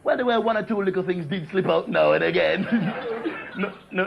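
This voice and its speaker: A comedian delivering cheeky, innuendo-laden gag patter to camera. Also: male voice, high voice, fairly quick, gravelly. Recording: dull old TV broadcast with faint noise.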